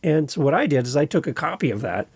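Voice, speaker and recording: A man with a Canadian accent, hosting his own podcast in a conversational, expressive way with deliberate pauses. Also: a little high, husky, no room sound. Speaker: podcast host and editor. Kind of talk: solo podcast talk.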